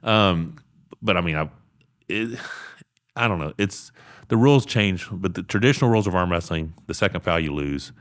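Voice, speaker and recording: A man, telling animated stories as a podcast guest. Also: low-pitched, dry recording, studio quality. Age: 40s. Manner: fast animated storytelling. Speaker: podcast guest, arm wrestler. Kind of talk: casual interview storytelling.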